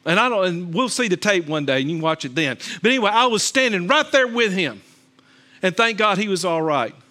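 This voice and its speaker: A middle-aged man preaching a sermon as pastor, telling stories and swinging between loud bursts and hushed calm. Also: high-pitched.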